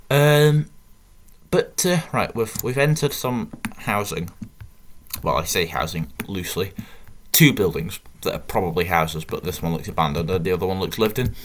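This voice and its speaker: A man's voice: on the low side, slight background noise. A British man giving casual, rambling gameplay commentary with self-mocking jokes. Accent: British English. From Britain. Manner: chatty, rambling, self-mocking, jokey asides. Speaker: gaming channel host.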